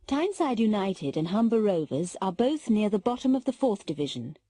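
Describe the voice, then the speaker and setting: A British woman narrating a textbook story in a clear, careful reading style. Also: medium pitch, very animated, fairly quick, dark tone, no echo.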